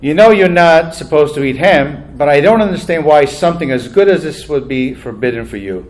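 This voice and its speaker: A man emceeing a banquet, cracking jokes in a chatty, self-deprecating manner and chuckling at his own punchlines. His voice sits somewhat high for a man, and he speaks into a handheld mic in a banquet hall. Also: lively intonation, a little fast, darkish tone. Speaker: master of ceremonies.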